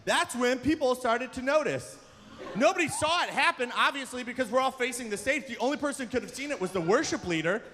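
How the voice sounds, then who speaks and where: A young man doing stand-up comedy at a live event, telling self-deprecating stories with sudden shouts. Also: very high voice, lively intonation, a little fast, slight background noise. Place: large hall, live event. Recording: long hall reverb from a live venue.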